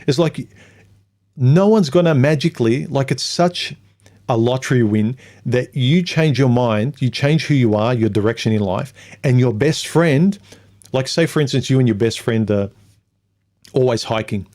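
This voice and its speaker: Dark-voiced man ranting on a livestream. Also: mid-range voice, moderate pace. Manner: rambling, with mocking put-on voices of others. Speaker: livestream host reading viewer comments. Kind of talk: casual livestream monologue.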